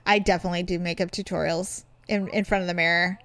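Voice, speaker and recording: A middle-aged woman co-hosting a podcast in casual chat, telling stories and acting out her own quotes with a lively voice. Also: lowish voice, fast, no echo. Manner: animated storyteller, acts out her own quotes. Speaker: podcast co-host.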